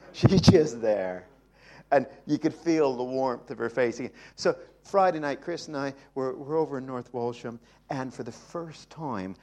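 An older Englishman delivers a sermon at a middle pitch. He drops into soft, almost whispered asides, then climbs to loud, fervent declarations. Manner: animated preaching, swinging from quiet asides to loud emphatic peaks. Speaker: pastor.

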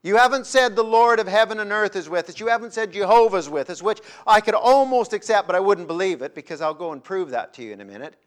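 A man's voice: sits high, expressive, fast, few pauses, pitched above the performer's own voice. A male preacher voicing an indignant, frustrated ancient farmer who bursts out in exasperation. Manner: exasperated, emphatic outbursts.

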